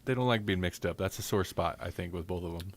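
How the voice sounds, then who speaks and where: A man's voice: sits low, quick pace. A man hosting a podcast in casual chat, rambling, correcting himself and joking. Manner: rambling, self-correcting, jokey. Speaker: podcast host.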